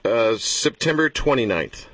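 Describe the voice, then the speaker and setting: A male host asking brisk, rambling conversational questions in an interview. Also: medium pitch, lively intonation, a bit bright, breathy edge, no room sound. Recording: voice from far off the mic.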